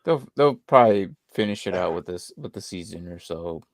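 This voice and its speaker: A man's voice: low-pitched, expressive, moderate pace, dry recording. A man on a casual live chat panel, dropping short, laid-back asides.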